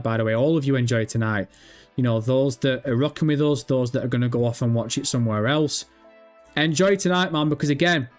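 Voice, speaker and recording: A young man hosting a live stream, chatting casually and excitedly, swearing often and nervous. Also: medium pitch. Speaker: livestream host.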